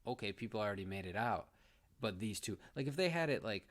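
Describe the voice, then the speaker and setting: A man's voice: fairly low pitch, lively intonation, fast talker. A man giving a casual movie review, blunt and exasperated, ranting with frequent restarts.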